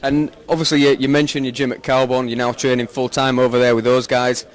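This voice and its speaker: Guy interviewing a fighter, pretty monotone, lots of ums and you knows. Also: mid-range voice, a little fast. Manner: loose, filler-heavy questioning. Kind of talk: interview questions.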